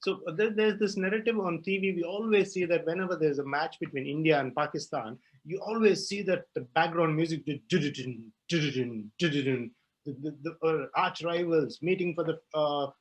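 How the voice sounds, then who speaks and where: A man's voice: a little high, normal speed. A young man speaking on a panel, passionate and emphatic, with many fillers and restarts. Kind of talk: panel discussion.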